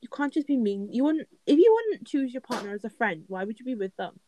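A woman's voice: on the high side, very animated, brisk, mellow, slight background noise, poor audio. A young woman, chatting casually as an advice co-host and using lots of "like" fillers. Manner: chatty, filler-heavy, laughs often. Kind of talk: casual chat.

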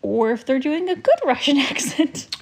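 A woman's voice: sits high, animated. A woman co-hosting a podcast, casually and firmly giving her opinions on a movie. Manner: opinionated, quick to disagree and tease. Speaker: podcast co-host. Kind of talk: casual chat reviewing a movie.

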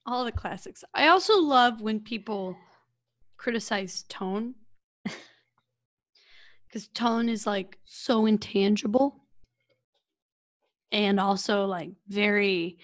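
A woman's voice: mid-range voice, slow pace, pauses often, no room sound. Woman podcast co-host, loose rambling delivery, dry studio sound. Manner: rambling, lots of fillers, jokey voices for quoted people. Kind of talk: casual podcast chat.

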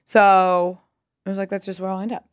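Her mid-pitched voice is clear and resonant, with level intonation and a normal speed. She's a thirtysomething clothing brand founder from Pasadena, California, guesting on an interview and spinning loose, chatty stories packed with "like" and offhand swearing.

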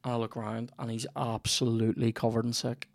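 Northern Irish male host, swears freely, spins lively yarns, dead-dry recording. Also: mid-range voice, brisk, vocal fry, no room sound. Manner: sweary, animated anecdote telling. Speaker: podcast host. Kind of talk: casual comedy podcast chat.

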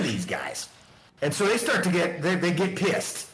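A man's voice: fairly high pitch, sing-song, unhurried, a bit bright, slight background noise. A man telling rambling stories in casual chat, often laughing and acting out the dialogue. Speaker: podcast guest, storyteller. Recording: echoey room.

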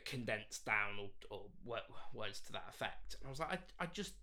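Bright-voiced, exasperated man. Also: lowish voice, expressive, fairly quick. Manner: exasperated, stumbling with repeated restarts. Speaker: podcast co-host. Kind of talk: casual chat reviewing a TV episode.

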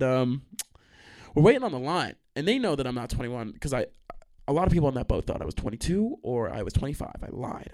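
A young man hosting a podcast, telling stories in a casual, rambling way, swearing freely and breaking into quick asides and restarts. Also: mid-range voice. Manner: animated, profane, trails into quick asides and restarts. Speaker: podcast host.

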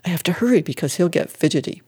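A lively, good-natured widow chirrups through her lines, as a reader puts her on. Her voice sits a little higher than the telling, mellow and soft-edged. She teases with easy warmth in an old-time storybook. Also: fast talker, slightly rough. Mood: cheerful. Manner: chirpy and teasing.

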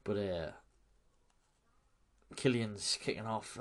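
A man's voice: lowish voice, a little slow, slight background noise. A man giving a loose, chatty film recap, laughing and swearing as he goes. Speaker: film reviewer.

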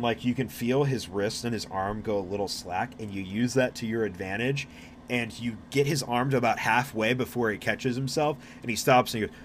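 A man's voice: mid-range voice, slight background noise. Casual man running a tabletop game. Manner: casual, swearing, many restarts. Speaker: game master.

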